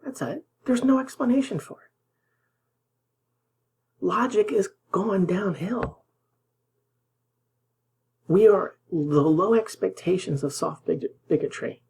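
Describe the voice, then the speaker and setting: A man's voice: high voice, expressive, slow pace, vocal fry, long pauses, darkish tone, husky, rough recording. A man hosting political commentary, reacting indignantly to news clips, sometimes dropping to a whisper for emphasis.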